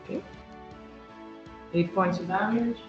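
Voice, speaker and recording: A game master narrating a tabletop game with vivid, halting description, full of fillers and restarts. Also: medium pitch. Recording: roomy, dull sound, faint music.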